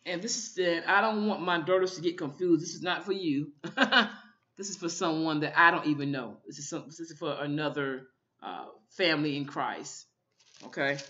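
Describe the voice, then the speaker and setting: A woman's voice: low voice, moderate pace, a bit bright, lo-fi sound. A woman minister giving an informal online sermon, fervent and often repeating her calls to the listener.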